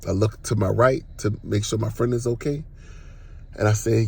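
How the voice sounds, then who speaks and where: A man with a gravelly, husky voice tells a personal testimony on his podcast. He talks casually and with animation, dropping slang and acting out sudden exclamations. His delivery is loose and conversational. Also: mid-range voice, brisk, darkish tone. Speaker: podcast host.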